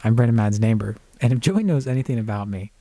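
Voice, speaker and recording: A man's voice: lowish voice, fast talker, dark tone. Young male co-host joking around. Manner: joking interjections, playful. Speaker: radio co-host. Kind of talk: casual banter on college radio.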